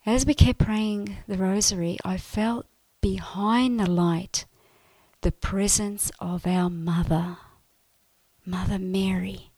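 Brief: woman, mid-pitched, unhurried, earnest testimony, close and dry sound, soft breathy moments. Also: fairly even intonation, no echo. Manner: earnest, emotional storytelling, often soft and breathy. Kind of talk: personal faith testimony.

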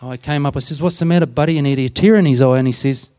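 A deacon who works as a prison minister tells stories in an interview, earnest and plain-spoken, acting out the dialogue he quotes. His mid-range voice is mellow and smooth, and he talks very fast.

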